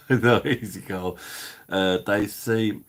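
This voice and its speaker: A man's voice: lowish voice, drawn-out words. A man from London with a Cockney-Kentish accent, hosting a live stream and bantering with the chat in a laid-back, sweary, chuckling way. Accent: Cockney-Kentish English. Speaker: livestream host reading chat.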